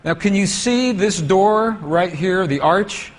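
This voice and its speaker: A man's voice: high-pitched, animated, slow pace. A man giving a storytelling lecture with slides to an audience, asking them questions as he goes.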